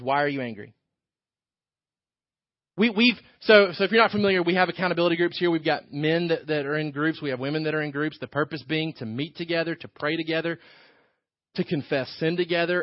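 A man gives a sermon from the pulpit in a conversational preaching style, often asking rhetorical questions. His voice sits high for a man. The recording is dull and lo-fi, and the sound is dry, with almost no room echo. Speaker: pastor.

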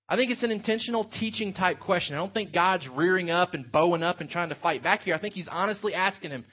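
A man's voice: high voice, quick pace, slightly rough. A man preaching an earnest sermon, working through a scripture passage for his congregation. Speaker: pastor. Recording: dull lo-fi sound.

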